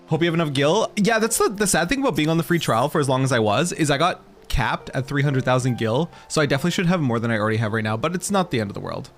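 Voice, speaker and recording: Excitable man streaming a game. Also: fairly high pitch, rapid-fire, few pauses, faint music behind. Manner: excitable, gushing, talks to chat. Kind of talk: casual game stream chat.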